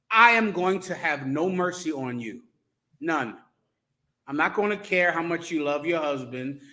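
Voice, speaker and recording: Stern, high-voiced male preacher scolding. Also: pushed and bright. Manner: blunt and crude. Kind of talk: sermon.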